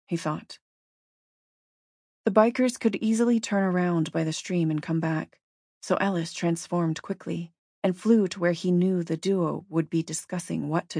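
A woman narrating a story in a steady, measured audiobook reading. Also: lowish voice, dry recording, studio quality.

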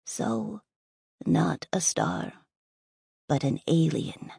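In an audiobook, a woman puts on a gravelly, breathy fairy godmother, an older woman who is sharp and exasperated. She talks slowly and her lowish voice swoops up and down. The sound is dry and close. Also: lively intonation, no echo, exaggerated voice. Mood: indignant. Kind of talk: audiobook character voice.

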